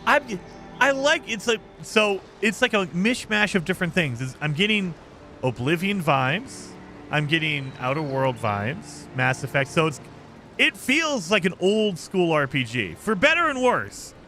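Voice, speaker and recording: A man's voice: high voice, sing-song, a little slow, sharp tone, soft background music. A man streaming a game, chatting casually and rambling about his impressions. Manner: chatty, rambling, laughs often. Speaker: gaming streamer. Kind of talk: casual let's-play commentary.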